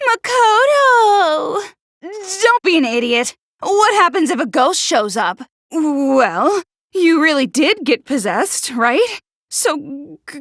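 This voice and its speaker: A woman voicing a prickly, sharp-tongued teenage girl in a video game, who stutters when flustered. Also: high voice, dry recording, studio quality, heavily acted. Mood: bickering. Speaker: game character.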